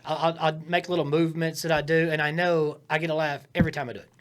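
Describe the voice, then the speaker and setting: A man in casual podcast talk, coaching comedy writing in an emphatic, animated way, shifting his tone for effect. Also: fairly high pitch, fast talker, smooth. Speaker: comedian giving writing advice.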